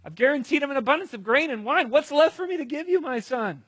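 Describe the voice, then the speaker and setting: A man voicing an old, trembling blind father who speaks in a high, strained voice. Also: expressive, fast, a bit bright, no room sound. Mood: sorrowful.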